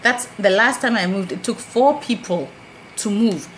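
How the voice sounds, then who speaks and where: A Ghanaian woman vlogging casually, telling a personal story and acting out quoted exchanges with lively jumps in her voice. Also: normal speed, a little hiss or hum, rough recording. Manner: animated, acts out quoted dialogue with big pitch jumps.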